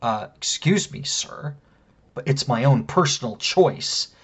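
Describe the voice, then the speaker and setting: A man's voice: medium pitch, lively intonation, takes it slowly, husky. A man mimicking a timid young male cashier who stammers hesitantly.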